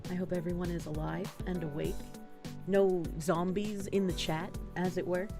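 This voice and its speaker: A young adult woman live streaming and reading out chat in casual talk, swearing often and swinging between soft mumbling and loud outbursts. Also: fairly low pitch, steady tone, moderate pace, gravelly, music in the background.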